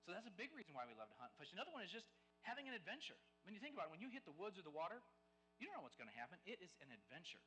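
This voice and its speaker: Male guest speaker, animated conversational storyteller, bright forceful tone, rapid delivery. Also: high-pitched, faint music behind, low-quality recording. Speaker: guest speaker at a game dinner. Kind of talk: live storytelling speech to a dinner crowd.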